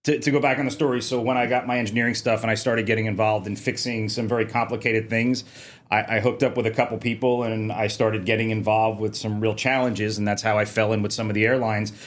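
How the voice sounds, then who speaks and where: Male podcast guest, a fire protection engineer, rapid and lively in casual chat. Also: fairly low pitch. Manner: fast, animated storyteller, mocks officials in a sing-song voice.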